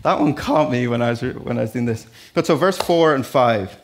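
A man's voice: medium pitch, lively intonation, fairly quick. An Irish man preaching a sermon in a church, talking to the congregation in a conversational, storytelling way with asides. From Ireland. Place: church hall.

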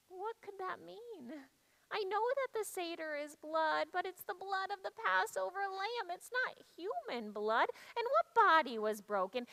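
Bright high-voiced woman telling a story. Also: rough recording. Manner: hushed, reflective storytelling. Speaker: church storyteller. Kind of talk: first-person dramatic monologue.

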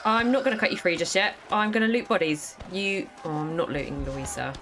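A woman's voice: fairly low pitch, a little fast, a bit bright, slight background noise. A woman giving casual commentary while playing a game, chatty and self-mocking, talking back to the characters. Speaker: gaming streamer.

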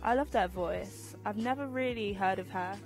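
A young woman from Birmingham answers questions as a guest on a chat show. She speaks briefly and softly, her voice has a gravelly fry, and faint music plays in the background. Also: medium pitch, moderate pace. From Birmingham, England. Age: young adult. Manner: brief, soft-spoken replies. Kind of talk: casual interview answers.

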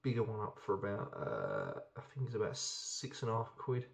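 A man's voice: on the low side, huge pitch swings, moderate pace, vocal fry. A young man chatting casually and enthusiastically while reviewing beers, rambling with plenty of ums. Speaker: beer reviewer. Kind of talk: casual beer review vlog.

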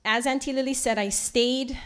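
A woman giving a lecture, telling stories in an animated way and acting out the voices of people she quotes. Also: high voice, normal speed. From Hawaii. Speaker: lecture presenter. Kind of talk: storytelling lecture.

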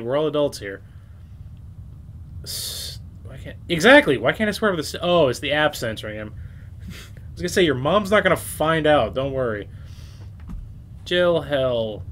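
A man's voice: medium pitch, expressive, a little slow, pauses often, slight background noise. Man, let's-play commentator, rambling and self-mocking, casual swearing. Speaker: game streamer.

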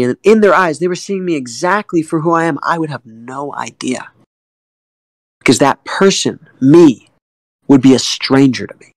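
A man's voice: on the high side, no echo, poor audio. Candid young man telling his story. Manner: emotional, halting, with frequent fillers and swearing. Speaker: guest artist in a community AMA.

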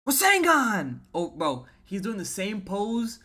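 A man's voice: medium pitch, moderate pace, fairly bright tone. A man hosting a casual manga read-along, reacting with hyped slang and stammering restarts.

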